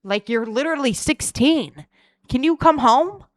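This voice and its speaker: A woman's voice: sits high, animated, a little slow, voice pushed up. A woman voicing an exasperated mother scolding her sixteen-year-old daughter.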